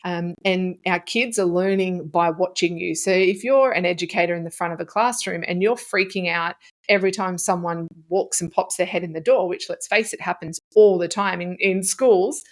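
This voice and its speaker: A middle-aged woman hosts her own podcast, chatting through her points in a relaxed, conversational way. Her voice sits a little low, and she slips into quick example phrases as she talks. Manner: conversational, with frequent fillers and acted-out example phrases. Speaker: podcast host and author. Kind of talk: solo podcast talk.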